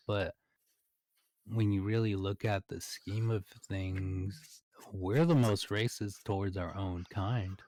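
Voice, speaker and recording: Low voice dude on a podcast, kinda hesitant, "like" a lot, dry sound. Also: male voice, steady tone, takes it slowly, warm tone, no room sound. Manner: thoughtful, hesitant, fills in with "like". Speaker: podcast co-host. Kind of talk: casual chat.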